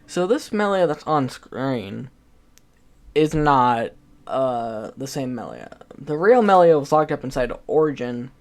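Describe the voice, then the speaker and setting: Chatty, self-mocking young man. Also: mid-range voice. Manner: chatty and self-mocking, with frequent restarts and laughs. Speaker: video game YouTuber. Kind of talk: casual commentary reacting to his own old video.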